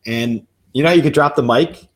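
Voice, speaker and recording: A man's voice: medium pitch, fairly quick. A man in his forties telling a personal story in conversation, acting out the dialogue as he goes. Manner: animated storyteller who acts out quoted dialogue. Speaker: guest.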